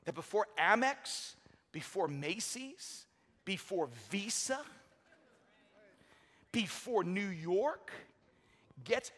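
A man's voice: high voice, lively intonation, extremely slow, pauses often, fairly bright tone. A middle-aged man preaching a sermon with energy and humor in a large church. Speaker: pastor. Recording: long hall reverb.

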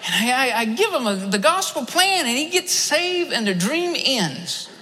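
A man's voice: extremely high pitch, big pitch swings, moderate pace, hardly any pauses, bright, forceful tone. A male preacher delivering a fervent sermon, repeating phrases for emphasis and telling a story from a dream. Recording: long hall reverb.

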